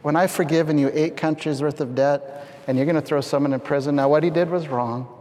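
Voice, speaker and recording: A middle-aged man from Canada preaching a storytelling sermon, animated and acting out scenes with sudden loud shouts. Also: fairly high pitch, a little fast. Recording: long hall reverb.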